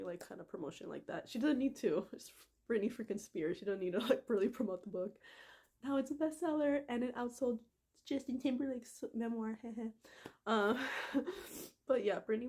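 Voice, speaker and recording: A woman's voice: medium pitch, vocal fry, darkish tone, breathy edge. A woman vlogging casually, reading passages aloud and talking with lots of fillers. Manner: gushing, filler-heavy, uses "like" and "freaking". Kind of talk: casual emotional vlog.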